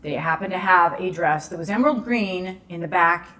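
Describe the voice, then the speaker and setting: A woman tells a story as a podcast guest, chatting casually. Her voice sits a little low. She acts out the people in the story with lively shifts. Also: normal speed. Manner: animated storyteller acting out quoted dialogue.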